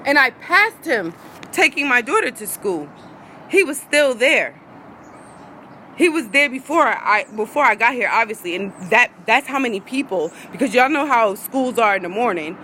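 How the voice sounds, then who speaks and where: A woman's voice: fairly high pitch, lively intonation, moderate pace, bright, forceful tone, a little hiss or hum, low-quality recording. Angry woman ranting. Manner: heated, profane and repetitive. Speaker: vlogger. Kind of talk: angry rant to viewers.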